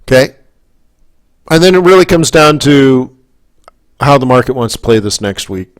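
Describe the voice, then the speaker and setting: Man from Canada, forex coach running live commentary, mid-range pitch, chatty and prone to heated tangents. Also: animated, moderate pace. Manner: rambling, talks in asides, keeps checking in with the audience; gets worked up and emphatic. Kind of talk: live market commentary webinar.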